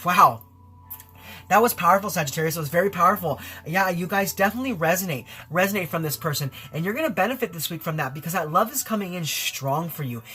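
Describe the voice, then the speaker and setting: A man's voice: sits high, animated, fast, hardly any pauses, bright, forceful tone, slightly rough. A man giving a spiritual tarot reading in an effusive, rambling way, full of fillers and repeated phrases. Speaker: tarot reader.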